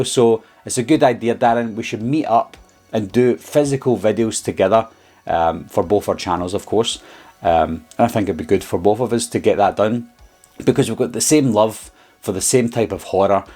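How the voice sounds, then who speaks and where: A man's voice: on the low side, darkish tone. A man with a Scottish accent, telling a story in a casual vlog in a chatty, rambling way with lots of ums and uhs. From Scotland. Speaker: horror YouTuber.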